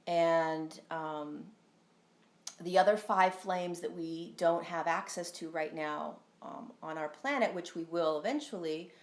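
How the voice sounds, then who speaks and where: A woman's voice: on the low side, measured pace, echoey room. A woman talking casually on a live stream as a spiritual teacher, earnest and rambling, with frequent ums and tag questions. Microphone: phone.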